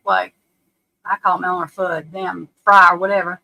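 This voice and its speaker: A woman hosting a live stream, giving casual true crime commentary in a blunt, profane, animated way and often laughing. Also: mid-range voice, measured pace, gravelly, pauses often, rough recording. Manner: laughs often while telling stories. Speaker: livestream host. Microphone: webcam or desk mic on a live stream.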